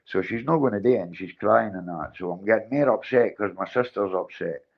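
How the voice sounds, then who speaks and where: A middle-aged man telling a story on a livestream, animated and acting out what each person said. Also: lowish voice, fairly quick, vocal fry, lo-fi sound. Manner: animated, acts out his own and others' lines. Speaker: livestream host.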